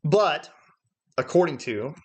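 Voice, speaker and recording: On a church livestream, a man leads a Bible study lesson, explaining Greek words step by step and thinking aloud with frequent "uh" fillers. His fairly high voice is animated, and he speaks slowly.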